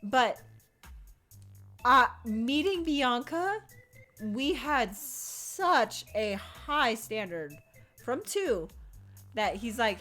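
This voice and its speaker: Animated young woman streamer chatting casually. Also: a little high, very slow, pauses often. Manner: animated, laughs often, swears, acts out quotes. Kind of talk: casual chat. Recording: faint music behind.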